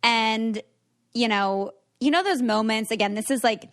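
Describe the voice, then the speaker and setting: Chatty high-voiced woman podcast host. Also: a little slow. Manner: animated storytelling, swearing, laughing often. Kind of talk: casual chat.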